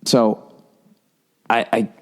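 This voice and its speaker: A man hosting a podcast, telling a rambling, profane comic story in an animated way. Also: extremely slow. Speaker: podcast host. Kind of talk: comedic storytelling rant.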